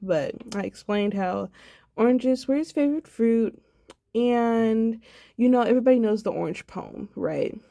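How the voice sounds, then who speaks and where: A woman's voice: on the high side, unhurried, gravelly, dark tone, no echo, studio quality. A sad, subdued young woman in a personal video diary, talking reflectively and rambling with many fillers. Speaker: vlogger.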